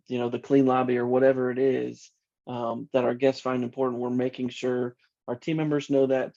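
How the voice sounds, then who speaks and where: A man answering interview questions as a company executive, earnest and measured, often repeating his first words. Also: mid-range voice, creaky, mellow. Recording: dull lo-fi audio.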